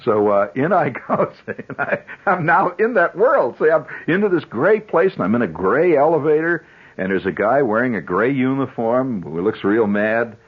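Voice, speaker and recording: A radio host in his fifties spins a long, rambling story in a conversational manner, chuckling at his own asides. His medium-pitched voice is husky and very animated at a normal speed, heard through a dull 1970s radio broadcast.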